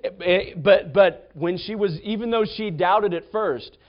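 A male pastor with a fairly high voice preaches in a loose, conversational way, often doubling back and restarting his phrases as he tells the story. The recording sounds dull and lo-fi. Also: measured pace. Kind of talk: sermon.

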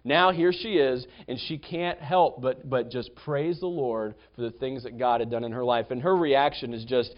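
A man's voice: mid-range voice, normal speed, few pauses, dull audio. A man preaching a sermon as pastor, telling the story in a conversational way with frequent restarts.

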